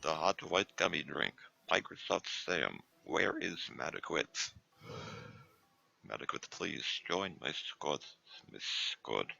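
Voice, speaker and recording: Robot tts voice, super deep and crackly, slow, sounds kinda dull and lo-fi. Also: male voice, full character voice. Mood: robotic. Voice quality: gravelly, strained throat. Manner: slow flat robotic delivery. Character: monotone robotic male text-to-speech computer voice. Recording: dull lo-fi stream mic.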